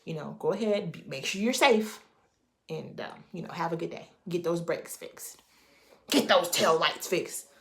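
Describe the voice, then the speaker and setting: A woman quoting a polite male police officer who calmly lets a driver off with a warning, in a low, gravelly voice. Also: unhurried. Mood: courteous.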